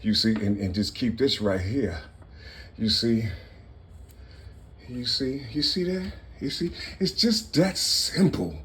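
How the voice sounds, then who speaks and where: A man in his fifties delivering an impassioned, rambling monologue, swinging between loud bursts and low mutters and repeating himself. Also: slow, pauses often, a little hiss or hum.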